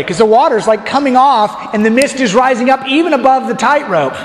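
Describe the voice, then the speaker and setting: A man preaching a storytelling sermon as a deacon, animated and acting out crowd voices. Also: very high voice, fast talker, few pauses, reverberant, big-room sound. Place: church.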